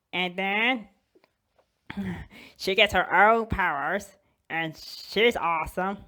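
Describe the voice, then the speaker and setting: A woman hosting a toy channel, telling a fan story in a casual, animated way with frequent giggles. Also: mid-range voice, slow, pauses often.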